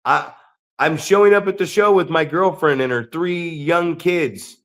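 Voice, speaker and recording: A man's voice: fairly high pitch, a little slow. A middle-aged man who co-hosts a wrestling podcast, ranting bluntly with plenty of swearing. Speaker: podcast co-host and pro wrestler. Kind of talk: casual podcast chat.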